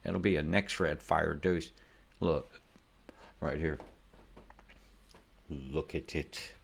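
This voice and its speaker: A man's voice: a bass voice, steady tone, slow, creaky, a little hiss or hum. A man giving casual weather commentary over satellite images, rambling, profane and conspiratorial.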